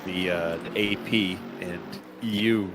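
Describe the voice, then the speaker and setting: Male stream host, lower voice, casual banter, noisy recording. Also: fairly even intonation, unhurried. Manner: laughs often, bantering. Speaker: sim racing stream host. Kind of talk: casual joking commentary.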